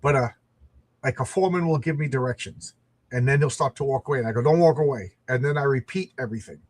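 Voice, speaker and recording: A man's voice: mid-range voice, fast. A middle-aged man hosting a comic book show, chatting casually and rambling in a self-deprecating way. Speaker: comic podcast host.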